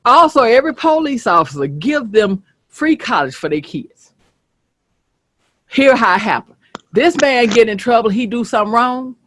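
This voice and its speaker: A woman from the Southern United States hosts a casual storytelling chat, her slightly high voice moving at normal speed. She's animated and blunt, swears freely, and keeps asking "you get what I'm saying." The dry recording comes from a streaming setup.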